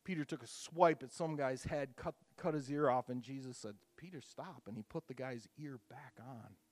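A man preaching a communion sermon, telling the story casually with fillers, rising to loud emphatic peaks and dropping to hushed softness. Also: mid-range voice, normal speed, no room sound. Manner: casual, repeats words and uses fillers. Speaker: pastor leading communion.

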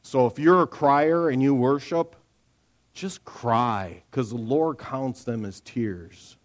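A middle-aged man preaching a sermon as a pastor, telling stories in a chatty, animated way, acting out quotes and asking "right?" often. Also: medium pitch, takes it slowly. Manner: animated storyteller, acts out quotes, frequent "right?"; lively conversational sermon delivery.

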